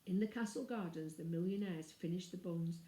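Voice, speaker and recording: A woman reading a classic children's novel aloud in a clear, measured storytelling manner. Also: lowish voice, dark tone. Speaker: reader. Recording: roomy echo.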